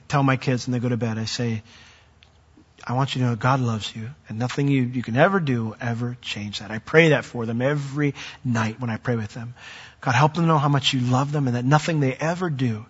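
A man's voice: mid-range voice, fairly bright tone, husky. A middle-aged man preaching a sermon as pastor, conversational with dry, wry humor. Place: large church sanctuary. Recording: dull lo-fi sound with long hall reverb.

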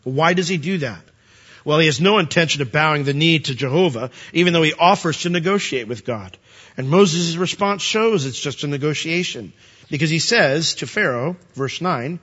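A man preaching a sermon, animated, asking rhetorical questions and acting out dialogue. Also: a little high, normal speed, husky, highs cut off. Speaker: pastor.

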